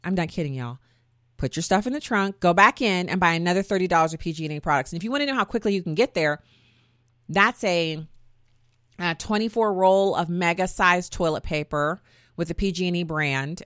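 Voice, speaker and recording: A woman's voice: fairly low pitch, fairly quick, fairly bright tone, dry recording, studio quality. A woman hosting her own talk show, chatty and folksy, often wandering off on tangents. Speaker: podcast host. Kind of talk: casual opinion talk.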